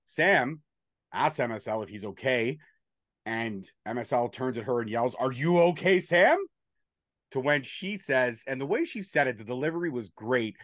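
Here is a man at an ordinary middle pitch, talking casually as a show host and running through a recap with swearing and teasing jabs. His voice sits close and dry, with no room sound around it. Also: expressive, normal speed, fairly bright tone, no room sound. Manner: profane, bantering play-by-play recap. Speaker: podcast host recapping wrestling. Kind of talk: casual chat.

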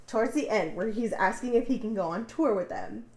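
A woman's voice: on the high side, a little fast, darkish tone. A woman co-hosting a casual podcast, talking expressively, swearing and groaning. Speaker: podcast co-host. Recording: echoey room.

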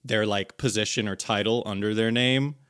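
A man's voice: fairly low pitch, steady tone, moderate pace, a bit bright, clear, resonant tone, dry recording, studio quality. A man co-hosting a podcast, chatting casually, joking and laughing along. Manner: joking, laughing, adds quips. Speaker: podcast co-host. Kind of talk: casual chat.

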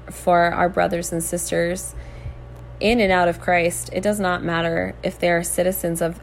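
A woman hosting a podcast, speaking earnestly and reflectively to listeners about faith, with thoughtful pauses. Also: lowish voice, creaky, slight background noise.

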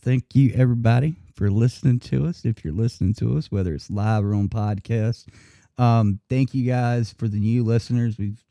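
In a warm, lowish voice with no room sound, a man hosts a loose, casual live chat on internet radio, laughing as he talks.

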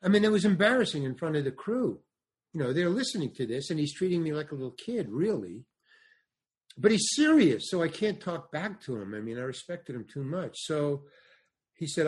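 A man's voice: fairly high pitch, sing-song, a little fast, husky. An older man, a stand-up comedian and actor, telling a long anecdote as a podcast guest, acting out quoted dialogue and often restarting his sentences. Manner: rambling storyteller, acts out quoted dialogue, frequent restarts. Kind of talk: anecdotal interview storytelling.

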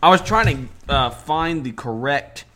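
A young adult man co-hosting a casual podcast chat, rambling with lots of fillers and quick to laugh. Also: medium pitch, animated, bright, forceful tone. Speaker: podcast co-host.

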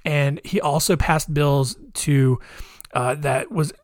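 A man's voice: on the high side, slow pace, dry recording, clean studio sound. A man casually telling a history story, with frequent fillers, wry jokes and asides. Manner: conversational, many fillers and asides.

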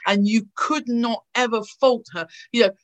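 A woman's voice: a little high, fairly even intonation, normal speed. A woman, an actress, telling gushing anecdotes in a casual interview over a video call. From England. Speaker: actress guest.

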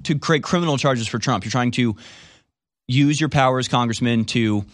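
A man's voice: medium pitch, moderate pace, no room sound, studio quality. A man hosting a political talk radio show, delivering a sarcastic monologue and mocking his opponents. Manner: sarcastic, mocks opponents in put-on quotes.

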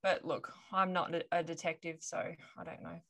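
Bright-voiced woman telling a story. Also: on the low side, little pitch movement, moderate pace, gravelly. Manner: laughs often, wry asides. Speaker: podcast co-host telling a story. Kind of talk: casual storytelling chat.

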